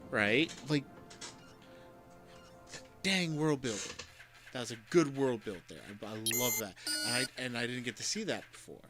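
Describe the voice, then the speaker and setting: A man casually commenting as he plays a game on stream, often exclaiming loudly when things go wrong. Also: medium pitch, moderate pace, pauses often, music in the background. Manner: excitable, reacts loudly with shouts and gasps.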